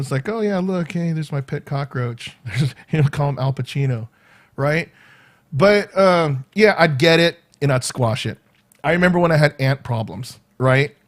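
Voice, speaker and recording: A man vlogging from his home, telling a rambling story to the camera and often breaking off with "right?". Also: on the high side. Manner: animated, rambling, peppered with "right?" and laughs.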